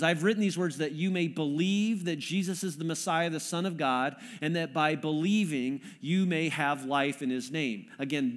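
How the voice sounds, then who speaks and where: A middle-aged man preaching to his congregation in an earnest, conversational way. He teaches like he is talking with friends and pulls the room in with questions. His voice sits a little higher than most men's. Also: fairly bright tone. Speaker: pastor. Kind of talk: sermon. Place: church room with audience.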